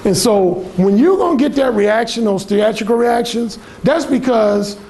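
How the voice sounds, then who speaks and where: A man's voice: very high voice, lively intonation, moderate pace, darkish tone. A man giving a workshop presentation in a blunt, emphatic way. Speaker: workshop speaker. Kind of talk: seminar presentation. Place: conference room.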